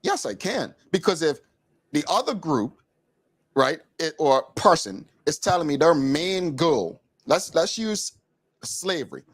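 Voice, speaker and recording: A Bermudian man hosting a talk show, his pitch swinging widely as he makes his point. He talks in an emphatic, opinionated way, pressing hard on what he believes. His tone is casual studio chat. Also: sing-song, measured pace.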